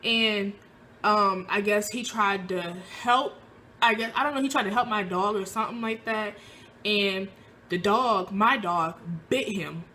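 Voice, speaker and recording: A woman's voice: medium pitch, measured pace, a little hiss or hum. A young woman telling a personal story in casual speech, acting out what people said in a raised voice. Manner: animated, acts out quoted lines in a raised voice. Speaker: vlogger.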